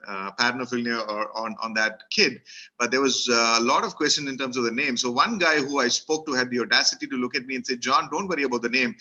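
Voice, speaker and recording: A man's voice: mid-range voice, sharp tone, low-quality recording. A middle-aged man from Kerala with an Indian English accent, giving a humorous, self-deprecating storytelling talk full of fillers. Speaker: motivational speaker.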